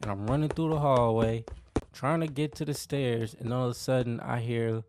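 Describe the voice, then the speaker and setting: A man's voice: mid-range voice, steady tone, moderate pace, darkish tone, dry recording, studio quality. A young man hosting a podcast, telling a personal story in a slangy, conversational way that often repeats itself. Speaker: podcast host. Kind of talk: casual first-person storytelling.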